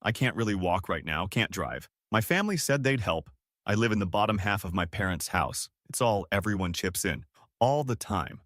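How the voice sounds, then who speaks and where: A man's voice: fairly low pitch, animated, normal speed, a bit bright, dry recording, clean studio sound. A man reading a first-person online story aloud in a casual, conversational way.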